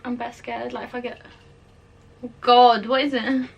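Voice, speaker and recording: A woman's voice: on the high side, flat delivery, moderate pace, vocal fry, breathy edge, lo-fi sound. A young woman chatting casually during a challenge, giggly and teasing. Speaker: challenge participant. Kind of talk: casual chat.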